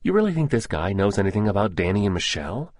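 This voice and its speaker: A man's voice: fairly low pitch, big pitch swings, quick pace, a little mellow, no room sound, clean studio sound. A man voicing a blunt, sardonic young woman in an audiobook. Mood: doubtful.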